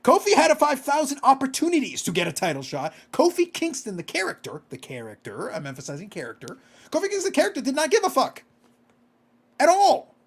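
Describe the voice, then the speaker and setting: Lively ranting man on a podcast. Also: extremely high pitch, fairly quick, husky. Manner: ranting, exasperated, profane. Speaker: podcast co-host. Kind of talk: casual podcast chat.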